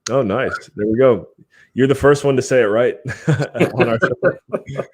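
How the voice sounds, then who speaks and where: A man's voice: mid-range voice, unhurried. A man hosting a live podcast stream, chatting casually in an upbeat way and laughing often. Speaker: podcast host.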